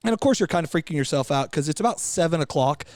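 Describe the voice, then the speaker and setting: A man tells a long, rambling story on a studio podcast, cussing freely and getting animated. His voice sits fairly high for a man. The sound is dry and close. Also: fast talker, no room sound. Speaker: podcast co-host. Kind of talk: casual storytelling chat.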